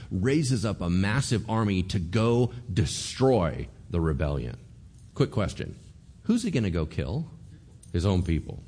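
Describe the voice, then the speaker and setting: A man preaching a sermon, animated, acting out characters' voices and asking rhetorical questions. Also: on the low side. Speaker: pastor.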